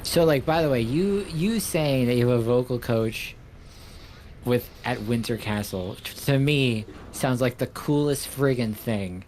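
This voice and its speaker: A man's voice: medium pitch, expressive, unhurried, a little mellow, a little hiss or hum. A man from New York hosting a casual livestream, asking questions in a rambling, enthusiastic way.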